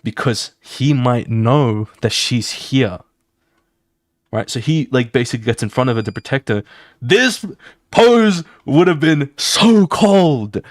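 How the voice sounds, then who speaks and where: A young man talks casually on a live stream while he draws, pitched right in the middle. He gets excited, swears freely and acts out action beats with loud sound effects. The sound is dry and close, with no room around it. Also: slow pace, no echo.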